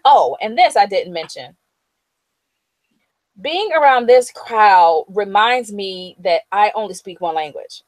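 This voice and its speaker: Animated American woman telling stories. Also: mid-range voice, slow, no room sound, poor audio. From United States. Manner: animated storyteller, acts out quoted people. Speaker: guest. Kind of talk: casual chat.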